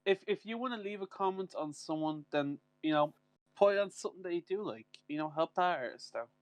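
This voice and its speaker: A man's voice: high voice, expressive, brisk, dry recording. A man co-hosting a casual podcast chat, joking, teasing and swearing. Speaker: podcast co-host.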